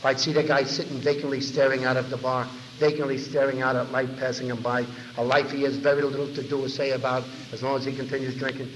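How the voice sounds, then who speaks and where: At a large convention hall, a fast-talking man from New York with a medium-pitched voice addresses a recovery meeting, animatedly voicing other people's lines as he tells his story to the big audience. Recorded on dull 1990 tape, it has a long echo and slight background noise.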